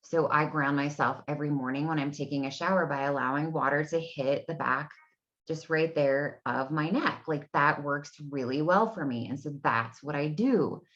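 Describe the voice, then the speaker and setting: A low-pitched woman in her thirties talks casually from home as an energy healing coach, wandering from point to point with plenty of "um" and "you know." Her voice sits deep for a woman. The sound is dull and lo-fi, like a simple home recording. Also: moderate pace, a bit bright. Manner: chatty, rambling, many fillers. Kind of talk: casual solo talk to camera. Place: home room. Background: dogs barking.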